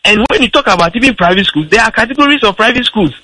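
He's a radio discussion guest, an adult with a school-age child, pressing his argument with many restarts and fillers. His voice sits high with lively intonation, a quick pace and a sharp tone, captured dry with no room sound on poor audio.

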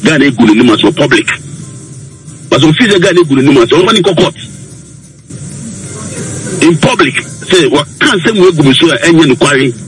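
A man's voice: a little high, expressive, fairly quick, pauses often, a bit bright, faint music behind, low-quality recording. A man, a counselor on a radio talk show, giving earnest, preachy advice and mixing English with Twi.

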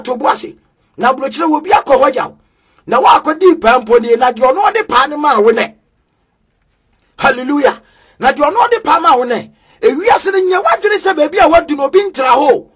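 A man with a Ghanaian accent preaching a sermon in a sing-song cadence with sudden shouts. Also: extremely high pitch, animated, a little fast.

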